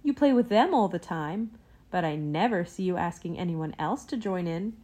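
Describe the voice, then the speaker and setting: A woman's voice: on the low side, expressive, normal speed, warm tone. A woman voicing a teasing boy bear cub in a storybook reading.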